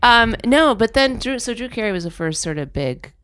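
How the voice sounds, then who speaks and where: A woman's voice: a little high, normal speed, clear, resonant tone. A middle-aged woman, a guest actress, chatting casually and telling stories animatedly, peppered with "like". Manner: animated storytelling, lots of "like". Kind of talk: casual chat.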